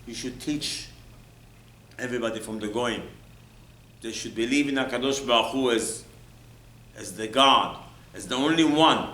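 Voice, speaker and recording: A man's voice: mid-range voice, fairly bright tone, reverberant, poor audio. A male rabbi giving an emphatic Torah lecture, repeating phrases, asking rhetorical questions and mixing in Hebrew terms. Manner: mixes in Hebrew and Aramaic terms.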